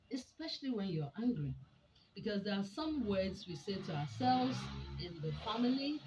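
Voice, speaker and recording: A woman's voice: mid-range voice, a little mellow. A woman giving a motivational talk on communication in marriage, emphatic and teacherly, asking her listeners rhetorical questions. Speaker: relationship speaker. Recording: dull lo-fi sound with faint noise.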